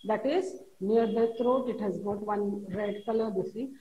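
A woman teaching a classroom lesson, reading a poem aloud and explaining each word slowly and repetitively to children. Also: medium pitch, narrow, tinny audio, slight background noise. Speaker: schoolteacher. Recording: roomy echo.

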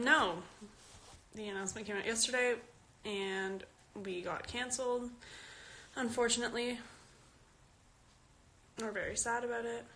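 Fairly high in pitch, bright and forceful, this fourteen-year-old girl from Canada is a young actress answering her fans. She reads their questions aloud on a phone live stream, giggling and chatting casually, with the phone held at arm's length.

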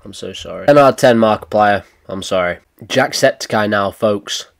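A man's voice: on the low side, moderate pace, vocal fry. A man hosting a reaction video, mocking and sweary, rating clips with sarcastic, self-deprecating commentary.

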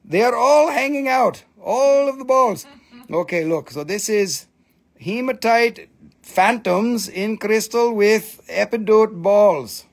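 A man hosting a live crystal sale, chatting in an excitable, joking way and swearing casually. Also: high voice, slow. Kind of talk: live sales stream chat.

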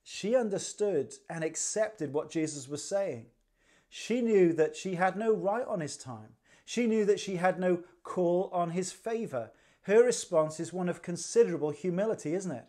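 A man's voice: high voice, lively intonation, moderate pace, warm tone. Man preaching a conversational sermon. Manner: conversational, rhetorical questions, dry humor. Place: church livestream.

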